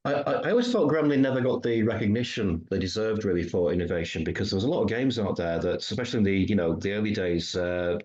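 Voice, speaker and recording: Low-voiced male interviewer, muffled sound. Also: quick pace, few pauses, a little mellow. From Yorkshire, England. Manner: enthusiastic, fan-like, many fillers. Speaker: interviewer, podcast host. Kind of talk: interview questions. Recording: dull lo-fi sound.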